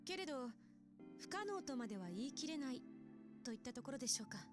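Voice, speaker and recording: An actress playing a calm young female scientist in a game, speaking in a composed, measured way. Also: high voice. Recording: quiet game audio heard from the stream, music under it.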